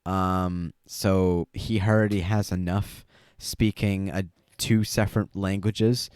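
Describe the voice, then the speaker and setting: A young man co-hosts a podcast, chatting casually and rambling with frequent fillers and laughs. His voice is deep, steady, slow, a little mellow and smooth. The recording is studio quality with no echo.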